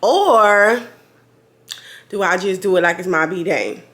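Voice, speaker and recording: A woman, chatting casually to camera as a vlogger in a rambling way full of slang, her voice a little hoarse. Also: lowish voice, brisk, a bit bright. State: slightly hoarse after being sick.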